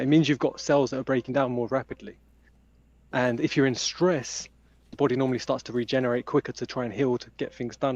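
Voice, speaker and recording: A man's voice: medium pitch, a little mellow, no room sound. A man, a podcast guest, explaining health matters at length in casual chat. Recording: dry, dull lo-fi sound.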